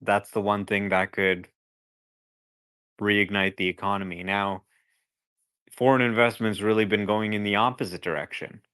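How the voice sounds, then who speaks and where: Smooth-voiced man talking markets. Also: fairly low pitch, normal speed, long pauses. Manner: conversational, animated when acting out scenarios. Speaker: guest analyst. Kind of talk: casual podcast discussion.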